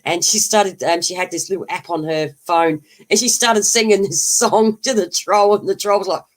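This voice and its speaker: With a mid-range voice at a moderate pace, this livestreamer rambles casually, answers the chat and laughs a lot.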